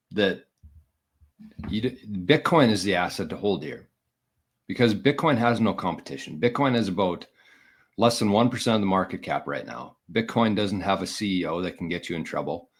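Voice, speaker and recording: Chatty man with a lowish voice. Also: lively intonation, moderate pace, pauses often, breathy edge. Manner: chatty, self-correcting, opinionated. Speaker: podcast host. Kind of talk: casual solo commentary.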